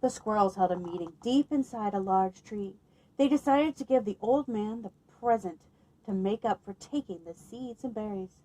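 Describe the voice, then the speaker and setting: Expressive woman reading to children. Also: mid-range voice, normal speed, low-quality recording. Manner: expressive, lively, asks listeners questions. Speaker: children's librarian. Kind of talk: children's story time read-aloud.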